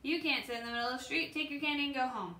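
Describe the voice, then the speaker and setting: A woman's voice: high-pitched, racing, bright, forceful tone. A woman voicing a blunt, no-nonsense male police officer. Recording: echoey room.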